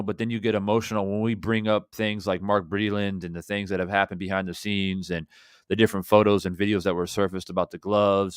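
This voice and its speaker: Man, fan reaction commentary, impassioned and rhetorical, smooth resonant voice, dry close sound. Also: on the low side, no room sound. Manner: impassioned, rhetorical, swings between loud and quiet. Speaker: boxing channel host.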